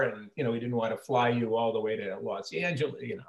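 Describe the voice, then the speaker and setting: Older man, casual guest storyteller, full of restarts and acted quotes, mid-pitched voice in an echoey room. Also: brisk, hardly any pauses. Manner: rambling anecdotes with many restarts, acting out quoted lines. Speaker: actor interviewed as guest. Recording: roomy echo.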